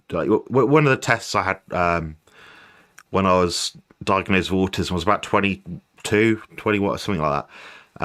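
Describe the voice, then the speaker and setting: A man's voice: sits low, a bit bright. A man on a live question-and-answer panel who speaks in a rambling, hesitant way.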